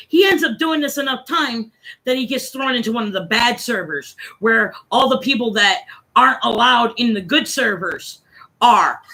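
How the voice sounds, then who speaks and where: A woman in her forties chatting casually on a stream, telling profane, animated stories and acting out the people she quotes. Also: a little high, poor audio. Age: 40s. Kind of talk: casual storytelling chat.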